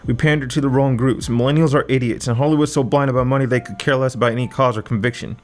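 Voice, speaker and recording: A man's voice: medium pitch, fairly even intonation, fast talker, close to an everyday voice. A man voicing a cold, arrogant woman conspirator with a clipped, dismissive way of talking in an audiobook. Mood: scornful. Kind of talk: audiobook character voice.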